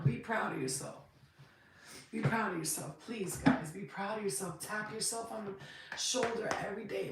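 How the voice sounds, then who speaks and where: A woman's voice: medium pitch, moderate pace. Emotional woman in an echoey room. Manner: emotional, emphatic, swears freely. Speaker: tarot card reader. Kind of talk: casual spiritual reading vlog. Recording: very echoey room, mic far off, noisy.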